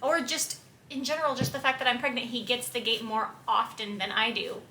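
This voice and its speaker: Woman vlogger, chatty storyteller, bright tone, echoey room recording. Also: a little high, brisk. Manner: chatty, laughing, quoting herself. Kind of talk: casual storytelling with her husband. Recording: echoey room, faint background noise.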